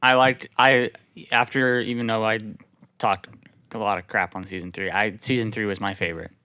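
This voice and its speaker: A man on a podcast panel, mostly agreeing briefly and halting when he gives his own views. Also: lowish voice, steady tone, bright, forceful tone, dry recording. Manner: short agreeing replies, halting when giving opinions. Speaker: podcast co-host. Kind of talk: casual chat.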